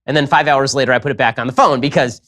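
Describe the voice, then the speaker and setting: A man hosting an interview, speaking in a rapid, eager, conversational way. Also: medium pitch, steady tone, fairly bright tone. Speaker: host.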